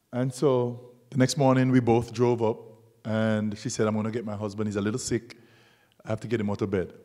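Jamaican-born man telling stories at a talk. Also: fairly low pitch. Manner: animated storyteller who acts out dialogue. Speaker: guest speaker, documentary photographer. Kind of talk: public artist talk, storytelling. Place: museum lecture hall.

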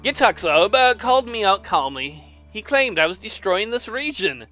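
A man's voice: high voice, big pitch swings, normal speed, sharp tone, faint music behind. A man casually commenting on a game as he plays, exclaiming often, laughing and reading the game's text aloud. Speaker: let's player.

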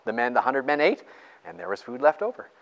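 Excited man preaching in an echoing hall. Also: on the high side, fast, creaky, lo-fi sound. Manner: excited, chatty, laughs between points. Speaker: pastor. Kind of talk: sermon with scripture reading. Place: church.

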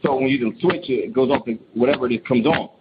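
A man calling in to tell a true ghost story in casual, rambling speech, full of restarts and repeats, getting animated when he quotes others. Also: medium pitch, fast talker, lo-fi sound, heavy background noise. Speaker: caller. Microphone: phone call.

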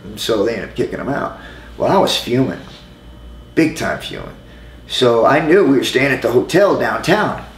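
A middle-aged man telling an anecdote as an interview guest, in a loose, halting way with lots of "you know" asides. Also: medium pitch, very animated. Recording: roomy with faint ambient noise.

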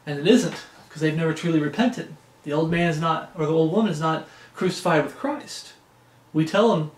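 A man's voice: fairly high pitch, brisk. A man preaching an informal sermon, reading scripture aloud and checking in with his listeners. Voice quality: conversational, frequent "uh" and "okay?" check-ins. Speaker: preacher leading a Bible study. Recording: roomy echo.

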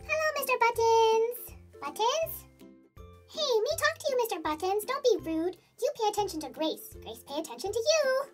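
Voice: extremely high pitch, very animated, moderate pace, soft background music. A performer voicing a defiant toddler girl in a kids' comedy skit, talking in broken baby-talk grammar. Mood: bossy.

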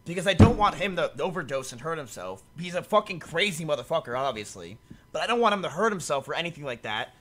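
Bright-voiced animated male streamer. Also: on the high side, fast, a little hiss or hum. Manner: animated, swears freely, addresses chat. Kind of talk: casual livestream commentary.

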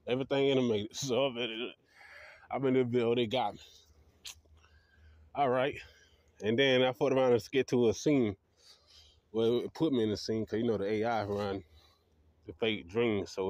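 A man's voice: medium pitch, a little mellow, no echo, dull audio. Rambling profane man telling dream stories. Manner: rambling, profane, laughs at his own stories. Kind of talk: casual storytelling monologue.

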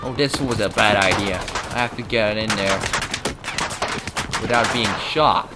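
Slow-talking man joking over gunfire. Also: fairly low pitch, very noisy. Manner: joking, self-mocking banter while playing. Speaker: gaming channel host. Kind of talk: let's play commentary. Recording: loud game gunfire over the voice.

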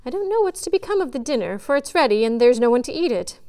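A woman's voice: high-pitched, big pitch swings, fast talker, warm tone. A woman reading aloud as a fussy country housemaid who chatters in an old-fashioned country dialect. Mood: fretting.

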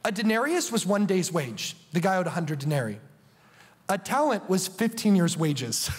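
Male preacher, high voice, lively storytelling, long hall reverb. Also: normal speed. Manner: animated, playful storytelling with asides. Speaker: preacher and TV show host. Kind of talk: sermon.

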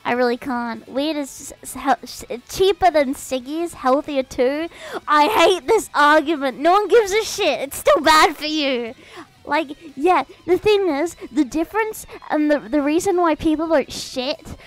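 A woman's voice: sits high, expressive, a little slow, no room sound, rough recording. A woman, streaming and ranting in casual, sarcastic, profane chat.

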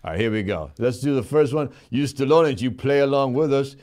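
This is a man at medium pitch, talking a little fast with a darkish tone that stays close to his everyday voice. He's playing a goofy, brash host modeled on Stallone for a live comedy show, mumbling tough-guy lines and cheerfully barking orders at the sidekick and crew in a jokey mood.

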